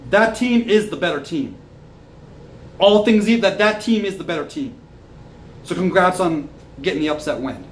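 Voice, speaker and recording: A young man with a notably high-pitched voice delivers a heated fan rant. He swears freely and circles back to his points with mounting frustration. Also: slight background noise, low-quality recording. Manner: angry, profane ranting. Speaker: sports fan commentator. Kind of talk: ranting fan commentary.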